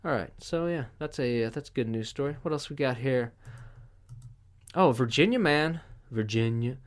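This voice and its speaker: A man's voice: mid-range voice, expressive, moderate pace. Profane sarcastic man riffing on news. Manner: crude, profane, sarcastic riffing between read headlines. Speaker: podcast host. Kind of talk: casual news commentary.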